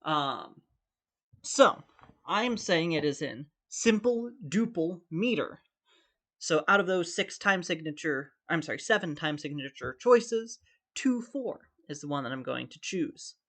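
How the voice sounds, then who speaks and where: A man's voice: fairly high pitch, animated, measured pace, a bit bright. A man teaching a recorded music theory lesson, talking through each step and singing rhythms on syllables. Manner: thinks aloud, sings rhythms on syllables.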